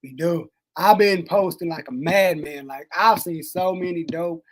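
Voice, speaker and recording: A man co-hosting a podcast in casual chat, animated and slangy, swinging between loud and soft. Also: on the high side, unhurried. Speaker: podcast co-host. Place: Texas.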